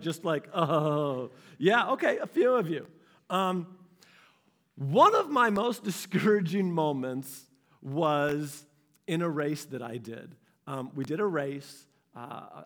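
A man preaching a sermon with a fairly high, animated voice. He speaks to the congregation directly and tells a personal story, acting out what he felt at the time. He sounds like a young adult. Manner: storytelling, animated, acts out his own past reactions. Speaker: pastor.

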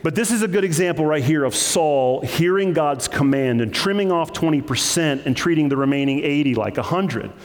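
A male pastor preaching a sermon, animated, acting out the quoted voices with sudden leaps in pitch. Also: moderate pace, few pauses, a faint crowd. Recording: long hall reverb.

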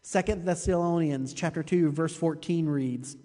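A man's voice: fairly high pitch, moderate pace, dark tone, long reverb tail. A man preaching a sermon as pastor, emphatic and repeating his phrases for weight, often turning to the listeners with a rhetorical "you see.".

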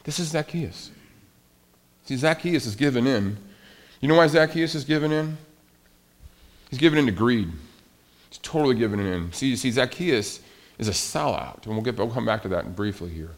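A man preaching a sermon in a conversational, animated way, swinging between soft and loud. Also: medium pitch, normal speed, pauses often. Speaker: pastor.

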